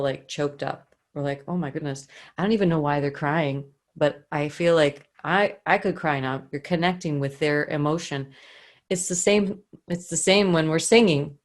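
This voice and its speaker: A woman with a fairly low voice teaches a singing lesson online. She talks animatedly, jumping into little acted-out scenes to show what she means. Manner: animated, acts out scenes to illustrate. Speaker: singing coach.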